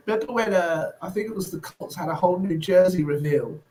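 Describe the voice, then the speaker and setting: A man co-hosting a sports podcast who talks in a measured way and lays out his reasoning. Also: sits high, warm tone, a little hiss or hum, poor audio. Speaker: podcast co-host. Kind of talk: casual sports chat.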